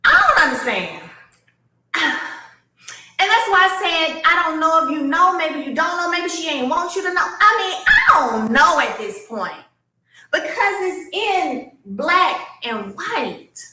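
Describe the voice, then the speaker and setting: A woman's voice: extremely high pitch, sing-song, unhurried, sharp tone, distant mic. A woman talking casually to her viewers, emphatic and repeating her points as she reads messages aloud. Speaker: vlogger responding to a castmate. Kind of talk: casual vlog commentary. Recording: echoey room, voice off-mic.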